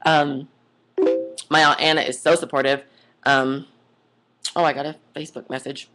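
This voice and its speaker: A woman's voice: sits low, level tone, normal speed, fairly bright tone, faint music behind. Young woman, vlogger, rambling, gushing, says like a lot, casual monologue. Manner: rambling, chatty, goes off on tangents.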